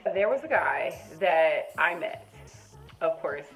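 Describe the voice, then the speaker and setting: A young adult woman vlogging a casual storytime, animated and chatty, jumping between loud high bursts and quiet muttered asides. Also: slow pace, over music, rough recording.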